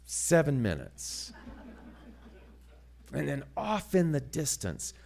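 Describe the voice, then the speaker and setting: A man telling a story as a sermon, dramatic and animated, dropping to hushed asides. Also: medium pitch. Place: church sanctuary.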